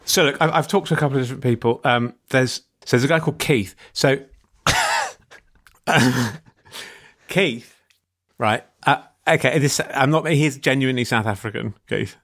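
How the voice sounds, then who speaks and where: Man, casual podcast chat, rambling, halting restarts, mid-pitched voice. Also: a bit bright. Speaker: podcast co-host.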